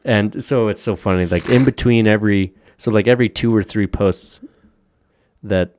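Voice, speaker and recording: A man's voice: on the low side, moderate pace, a little mellow, no echo, studio quality. A man co-hosting a casual podcast, ranting with lots of profanity and frequent laughter. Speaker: podcast co-host.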